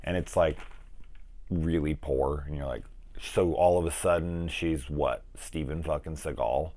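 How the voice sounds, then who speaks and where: A man in his forties reviews a film in a loose, rambling way, swearing freely and acting out scenes as he retells them. His voice sits very low. The sound is close and dry, with no room around it. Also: steady tone, a little slow, dark tone, no echo. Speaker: film review channel host. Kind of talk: casual spoken film review.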